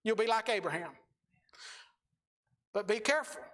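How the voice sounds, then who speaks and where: A man's voice: high-pitched, expressive, moderate pace, fairly bright tone. A middle-aged man preaching a sermon, telling folksy stories and stretching out phrases for emphasis.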